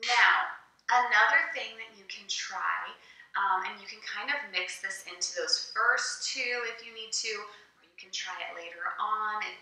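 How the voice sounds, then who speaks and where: A woman who teaches English online, calmly explaining classroom strategies step by step in an encouraging way. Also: mid-range voice, moderate pace, distant mic. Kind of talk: instructional teaching-tips video. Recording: echoey room, voice away from the mic.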